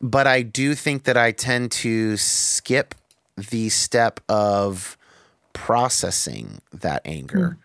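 A man's voice: lowish voice, animated, takes it slowly, vocal fry, fairly bright tone, dry recording, clean studio sound. A man hosting a podcast, talking candidly and reflectively, thinking aloud with restarts and the odd swear word. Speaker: podcast host.

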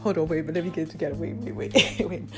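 A woman's voice: low-pitched, quick pace, over music. A woman vlogger giving casual motivational advice to her viewers, playful and laughing, calling them "baby" and "y'all".

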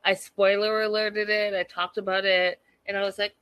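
A woman's voice: medium pitch, flat delivery, normal speed, hardly any pauses, a bit bright, no echo. A woman chatting casually and sassily to her viewers as she recaps a reality show episode. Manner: chatty, sassy, talks to viewers.

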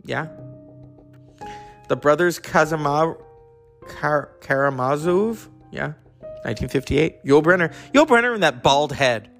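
A man's voice: on the high side, animated, a little slow, gravelly, pauses often, a bit bright, soft background music. A man hosting a casual, rambling, enthusiastic chat about classic films. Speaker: host.

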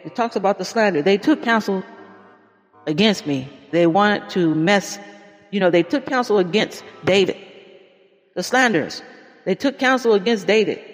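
A man preaching an informal podcast sermon in a folksy, exclaiming way, often calling out praise. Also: high-pitched. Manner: folksy, exclaims "Lord have mercy" and "Hallelujah". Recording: long reverb with faint music.

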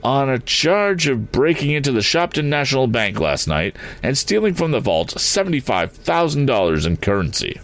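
A man's voice: mid-range voice, big pitch swings, moderate pace, few pauses, a bit bright, pitched above the performer's own voice. A man voicing a grim middle-aged police chief in a read-aloud story, stammering at first and then firm and testy. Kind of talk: audiobook character voice.

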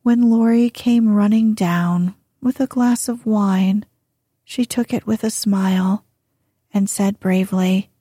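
A woman narrating a classic novel as an audiobook in a gentle, measured reading. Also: medium pitch, fairly even intonation, husky, no room sound, clean studio sound. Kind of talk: scripted narration.

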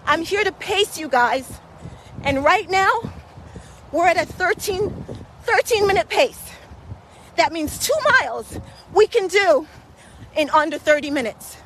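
Very high-voiced woman coaching a brisk walk. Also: animated, a bit bright, a little hiss or hum, low-quality recording. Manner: encouraging, repetitive coaching cues. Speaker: walking pace coach. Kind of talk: motivational workout vlog while walking. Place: outdoors in a park.

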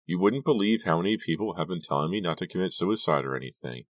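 A man reading an audiobook, voicing an excitable teenage girl with a high, eager, teasing delivery. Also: quick pace, no room sound, studio quality. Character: teen girl, Dawn, bubbly and excitable.

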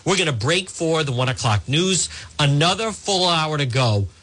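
Man, talk radio host, high lively voice, bright edge, sarcastic and emphatic. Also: moderate pace.

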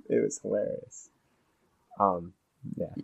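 A teenage boy co-hosts a casual podcast, musing about a film in a low, unhurried voice. He rambles thoughtfully, starting sentences over as he works out what he means. The sound is close and dry. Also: steady tone, creaky, no echo. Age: teens. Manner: thoughtful, rambling, many restarts. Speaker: podcast host. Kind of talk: casual movie review chat.

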